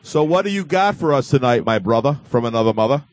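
A man hosting a casual webcast, joking with callers in an excitable way. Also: medium pitch, quick pace. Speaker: host.

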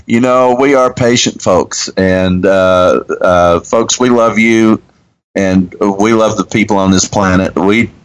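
A man, hosting a radio show and telling a story in an earnest, halting way with restarts. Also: fairly low pitch, steady tone, clear, resonant tone, low-quality recording. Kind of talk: conversational storytelling.

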